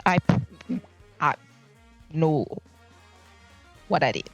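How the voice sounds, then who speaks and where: A woman's voice: fairly low pitch, expressive, slow, pauses often, soft background music. Rambling woman streaming with dull audio. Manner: rambling, searching for words while explaining. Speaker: livestreamer. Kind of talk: casual livestream chat. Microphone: desk mic at a laptop.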